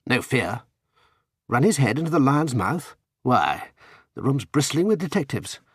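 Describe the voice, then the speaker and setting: A man reading an audiobook, voicing a blunt, hearty young English gentleman with brisk, chummy chatter. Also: medium pitch, big pitch swings, husky, no room sound, studio quality, pitched above the performer's own voice, heavily acted.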